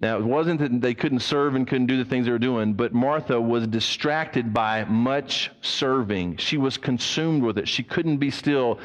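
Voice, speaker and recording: A man preaching a sermon as pastor, animated, acting out the people he quotes. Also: mid-range voice, a little slow, few pauses. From United States. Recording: long reverb of a church hall.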